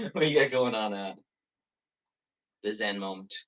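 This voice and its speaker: A man's voice: fairly low pitch, huge pitch swings, takes it slowly, a bit bright. A man hosting a live selling stream, chatty and playful as he rambles through each item. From Ireland.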